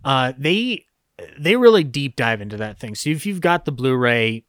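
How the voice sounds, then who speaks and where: A man's voice: mid-range voice, sing-song, moderate pace, no room sound, clean studio sound. A man co-hosting a podcast, talking casually about old films with many fillers and frequent laughs. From United States. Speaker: podcast co-host. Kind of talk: casual film discussion.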